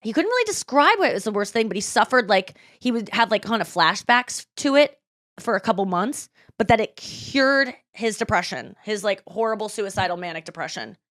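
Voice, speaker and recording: Animated woman podcast host, blunt. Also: medium pitch, brisk, dry recording, clean studio sound. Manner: blunt, animated, swearing freely. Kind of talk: casual chat.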